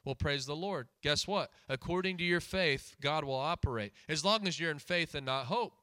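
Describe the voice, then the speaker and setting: A man's voice: fairly high pitch, lively intonation, moderate pace, few pauses, pushed and bright, clean tone. A man preaching a sermon, emphatic and repetitive, putting questions to his congregation. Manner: emphatic, repeats key phrases, asks the congregation questions.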